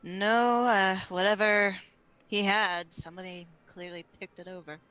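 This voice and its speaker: A woman's voice: mid-range voice, steady tone, unhurried, a bit bright, smooth, rough recording. A woman playing a tabletop game over a call, asking questions in and out of character. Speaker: player. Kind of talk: casual tabletop game talk. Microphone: online voice call.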